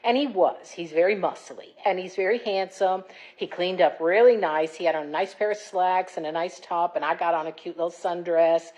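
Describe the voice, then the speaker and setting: A woman in her fifties, candidly retelling a date in a chatty, animated vlog story. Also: lowish voice, moderate pace, hardly any pauses, low-quality recording. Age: 50s. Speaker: dating vlogger. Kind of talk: casual storytelling.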